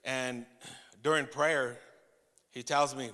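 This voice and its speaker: Man, pastor, bright voice, storytelling sermon, church hall with long reverb. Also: mid-range voice. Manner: storytelling, quoting himself, halting restarts, laughing asides. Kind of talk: sermon testimony.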